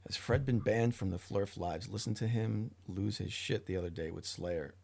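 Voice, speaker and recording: A man's voice: lowish voice, moderate pace, creaky, darkish tone. A middle-aged man hosting a livestream, chatting casually and rambling with frequent restarts and swearing. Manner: rambling, profane, self-interrupting. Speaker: livestream host.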